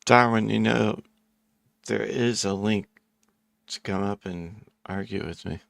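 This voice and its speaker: Slow gravelly man, laid-back streamer. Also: fairly low pitch, a bit bright, no room sound. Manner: laid-back, laughs often. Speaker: streamer hosting an open panel. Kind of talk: casual chat.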